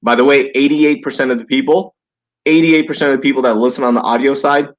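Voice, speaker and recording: A man hosting a casual live podcast from home, upbeat and jokey, quick to laugh, talking into a cheap gaming headset. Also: mid-range voice, fairly even intonation. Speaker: podcast host.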